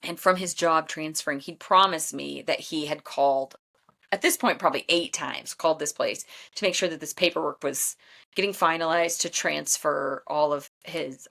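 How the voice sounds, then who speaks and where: A woman in her thirties hosting a podcast, telling a story in a blunt, animated way and laughing often. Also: deep voice, gravelly. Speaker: podcast host and Enneagram coach. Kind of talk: casual storytelling chat.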